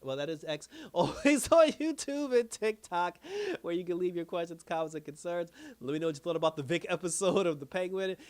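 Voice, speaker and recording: A man's voice: high voice, animated, brisk, a little mellow, smooth. A man hosting a casual TV review channel, recapping an episode in a loose, slangy way, often breaking into laughter. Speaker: TV show reviewer.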